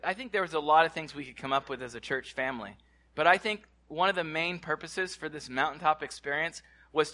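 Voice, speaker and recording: A man preaching to his congregation in a church, animated, repeating words and asking the room questions. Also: on the high side. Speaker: pastor. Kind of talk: sermon. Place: church hall.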